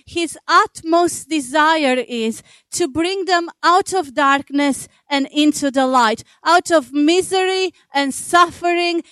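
Woman preaching, chatty and laughing a bit, high voice, talks slow, dry sound. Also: a bit bright, dry recording. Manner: conversational, with frequent fillers and laughs. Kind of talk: sermon.

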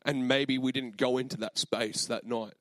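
A man's voice: mid-range voice, steady tone, moderate pace, no echo. A young man preaching a sermon, telling a personal story in a casual, earnest way with many fillers and moments of emotion.

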